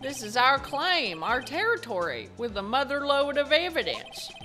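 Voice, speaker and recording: A swaggering male detective who plays sheriff, drawling his slang slowly and loudly, as a woman puts him on. The voice sits high and bright, with lively swings in pitch. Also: faint music behind, full character voice. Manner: drawling Wild West slang, slow and swaggering.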